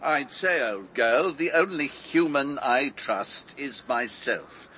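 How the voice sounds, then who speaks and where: A man's voice: mid-range voice, lively intonation, bright, forceful tone, slight background noise. A man playing a smug villainous schoolmaster. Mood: sneering. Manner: smug, sneering, drawn-out menace. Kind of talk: comic radio-play acting.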